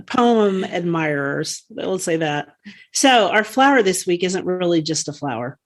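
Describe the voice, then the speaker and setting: A woman's voice: lowish voice, lively intonation, slow. A woman co-hosting a podcast in casual chat, talkative and rambling, with frequent laughs and fillers. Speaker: podcast co-host.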